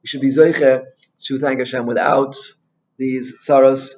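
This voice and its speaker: A male rabbi giving an informal Torah talk, an animated storyteller who mixes in Hebrew and Yiddish terms and keeps asking "right?". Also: mid-range voice, a little slow, dull audio.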